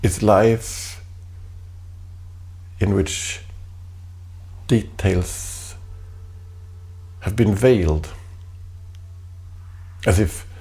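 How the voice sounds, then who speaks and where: A man at home reading a reflective spoken essay in a deliberate, halting way, often repeating his phrases. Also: lowish voice, dark tone. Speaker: artist performing a spoken text.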